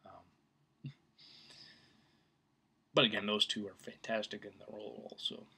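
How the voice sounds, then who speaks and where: A man's voice: on the low side, level tone, a little slow, gravelly, pushed and bright, breathy edge. A man talking casually to camera about his favorite actor, rambling with many fillers and restarts. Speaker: film vlogger. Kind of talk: casual opinion talk.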